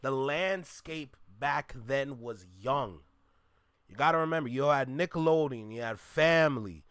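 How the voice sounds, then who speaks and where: A man's voice: mid-range voice, unhurried, fairly bright tone, clean tone, no room sound. Emphatic man in a dry room. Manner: emphatic, preachy, addresses listeners as y'all. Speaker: reaction channel host. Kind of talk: reaction commentary.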